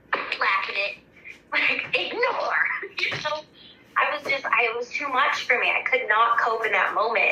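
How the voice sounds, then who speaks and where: A woman's voice: medium pitch, sharp tone. A woman in her thirties giving a rambling, frank account in a counseling session, swearing freely. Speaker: counseling client. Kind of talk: casual personal account. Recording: echoey room from far off, faint noise.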